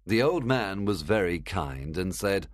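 A man reads a storybook aloud in a deep voice, clear and measured. He lets his pitch rise and fall a lot as he goes, and the sound is dry and close. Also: lively intonation, no echo. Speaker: narrator.

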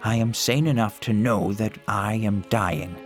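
A man's voice: fairly low pitch, unhurried, over loud music, close to an everyday voice. A man voicing a weak, dying old knight. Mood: weary. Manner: soft, weary, resigned. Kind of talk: storybook narration.

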